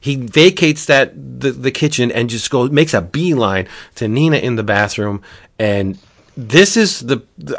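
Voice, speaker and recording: A man co-hosting a casual podcast, retelling a book's plot and briefly voicing its characters. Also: lowish voice. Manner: animated retelling with quick put-on character voices. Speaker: podcast co-host.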